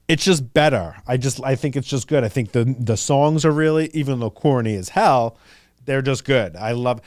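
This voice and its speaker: A man's voice: mid-range voice, darkish tone, no echo, clean studio sound. Chatty gossipy man with a New York accent. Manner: chatty and gossipy, jumps between ideas, acts out quotes. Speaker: podcast host. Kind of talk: casual solo podcast chat.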